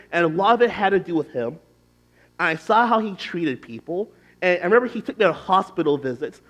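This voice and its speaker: Fairly high-voiced, chatty youth pastor man. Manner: chatty and loose, frequent "like" fillers and restarts. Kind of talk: casual storytelling talk to a youth group.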